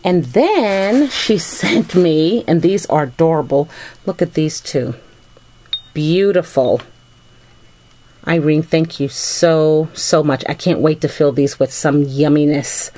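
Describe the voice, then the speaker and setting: Slow, gushing woman opening a gift box. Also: deep voice, warm tone. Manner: gushing, effusive thanks. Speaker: vlogger opening a gift package. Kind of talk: casual unboxing chat.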